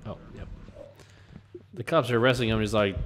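A man's voice: lowish voice, a little fast, fairly bright tone, slight background noise. A man hosting a casual gaming chat, joking, laughing and retelling funny stories while he plays. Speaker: gaming channel host.

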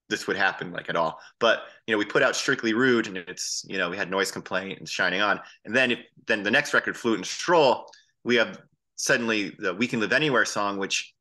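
A man guest in a casual interview, telling animated anecdotes and acting out the voices of people he quotes. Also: lowish voice. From Boston area. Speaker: band frontman as guest.

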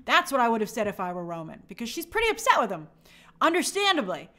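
A chatty, animated woman hosting a live stream and reacting to viewer comments as she goes. Her voice sits a little high and has a bright, forceful edge, with plenty of energy in the delivery. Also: fast talker. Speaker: host of a TV and film news show.

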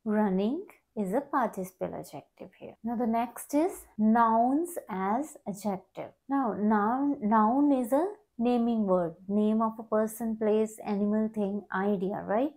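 A woman's voice: fairly high pitch, unhurried, few pauses, darkish tone. A woman teaching an English grammar lesson, explaining step by step and often repeating words.

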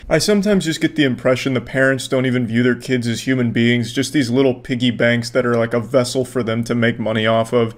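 A man hosting a commentary video, speaking in a deadpan, mocking way and swearing freely. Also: medium pitch. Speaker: commentary host.

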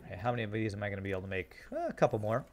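A man streaming a game, thinking out loud and chatting to his viewers in a casual way. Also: on the low side, lively intonation, rapid-fire. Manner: thinks aloud, chats to viewers. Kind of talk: casual live-stream gameplay commentary.

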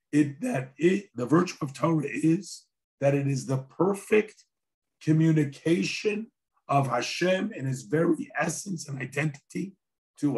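A hoarse man who is a rabbi lectures in a relaxed, conversational way, slipping in dry jokes as he tells a story. His voice sits a little high for a man. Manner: conversational and wry, with dry humor. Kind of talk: sermon-style lecture with storytelling.

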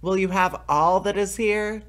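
Guy reading as tiny cheeky storybook boy, pert and loud-mouthed, middle pitch. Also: a little slow. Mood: bawling. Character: tiny cheeky boy hero, thumb-sized.

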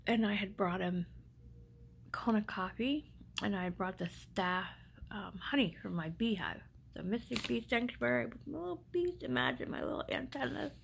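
A woman's voice: medium pitch, sing-song, normal speed, vocal fry, slight background noise, low-quality recording. A middle-aged woman vlogger speaking without teeth, telling a personal story in an emotional, rambling way that often drops to a whisper.

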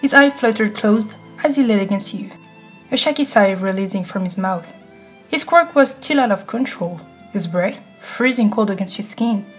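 A woman telling an intimate story straight to the listener, in a hushed, close voice, as whispered role-play. Her pitch sits in an ordinary middle register. Faint music plays softly behind her. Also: expressive, moderate pace. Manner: hushed, intimate second-person narration. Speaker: ASMR narrator.

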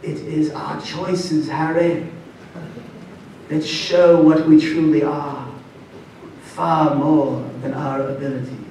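Guy doing a gentle old wizard headmaster, slow grave words, put-on british lilt, echoey big hall, heard from a distance. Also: a little high, level tone, slight background noise. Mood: solemn. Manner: slow, measured, solemn delivery in an attempted British accent.

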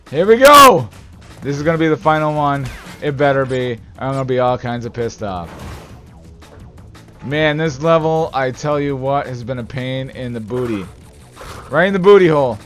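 A man casually commenting on his gameplay, joking around, swearing and bursting into mock anger. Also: medium pitch. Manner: animated, jokey, swears, outbursts of mock anger. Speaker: let's play gamer. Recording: game music behind.

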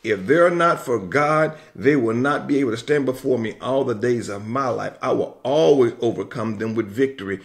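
Emphatic male preacher, middle pitch. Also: gravelly. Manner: emphatic, repetitive preaching cadence with drawn-out declarations. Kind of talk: sermon.

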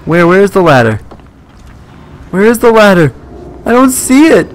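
A man's voice: sits high, big pitch swings, a little slow. A young man commentating a live horror game stream, jumpy and swearing at scares. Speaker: let's play streamer.

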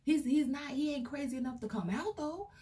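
A woman voicing an outraged young man who rants at a stalker, with a shrill, high voice, recorded from a distance. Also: brisk, mellow, natural voice.

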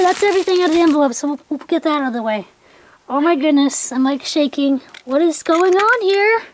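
A young woman records an unboxing vlog with a bright, high voice. She gushes and gasps as she talks, often dropping to a quieter aside. A faint hiss of noise sits under the recording. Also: a little fast. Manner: gushing, breathless with excitement, many gasps; quiet aside voice while handling things. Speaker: vlogger.

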